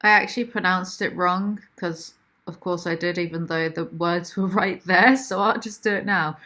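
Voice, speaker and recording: A young woman chatting casually and excitedly, laughing about a book she is reading aloud. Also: lowish voice, moderate pace. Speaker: book vlogger. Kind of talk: casual chat between read-aloud passages.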